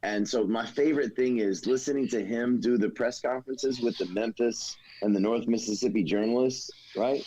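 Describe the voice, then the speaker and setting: Mellow-voiced man, rambling casual chat. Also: mid-range voice, normal speed, hardly any pauses. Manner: rambling, swears freely, asks for agreement. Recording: dull lo-fi mic with faint noise.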